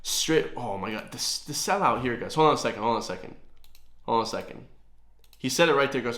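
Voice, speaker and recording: A man's voice: medium pitch, animated, fairly quick, fairly bright tone. A man with an Irish accent hosting a reaction commentary, ranting heatedly with profanity and sarcasm. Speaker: commentary channel host. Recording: roomy echo.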